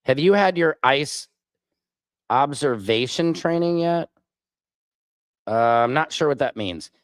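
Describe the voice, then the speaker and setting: A man from the United States hosting a political livestream, ranting with heat and plenty of profanity. His pitch swoops up and down, and he stops often to answer viewer comments aloud. The sound is dry and close, with no room echo. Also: lively intonation, slow pace, smooth. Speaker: livestream host.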